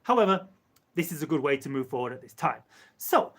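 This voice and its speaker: A man with a slightly high voice channels an entity live. He speaks as "we" in slow, measured phrases and repeats words for emphasis. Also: expressive, fairly bright tone. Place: live stream.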